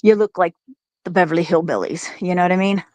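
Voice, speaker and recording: A woman's voice: fairly low pitch, fairly even intonation, fast, darkish tone, no echo, low-quality recording. A middle-aged woman telling a long, rambling story in casual chat, laughing often and restarting her sentences.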